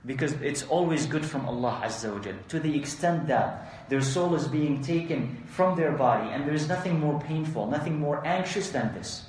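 A man giving an Islamic lesson, reading Arabic texts quickly and explaining them in English with frequent rhetorical questions. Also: a little high, darkish tone, a little hiss or hum. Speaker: Islamic teacher. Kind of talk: religious lesson explaining hadith. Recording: very echoey room.

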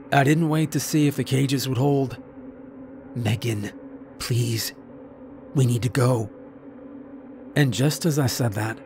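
A man narrating a scary story in the first person, slow and measured. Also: mid-range voice, noisy background. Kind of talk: scripted narration. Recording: faint background music.

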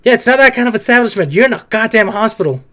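Excitable higher-voiced man reacting to anime. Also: racing. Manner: excitable, swearing, blurts reactions. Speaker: anime reaction video creator. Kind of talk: casual anime reaction commentary.

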